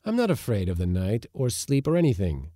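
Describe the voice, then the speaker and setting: A man voicing a lone stranded spaceman who is excitable and frayed, shouting and mocking himself. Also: fairly low pitch, fairly quick, no echo, clean studio sound. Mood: defensive.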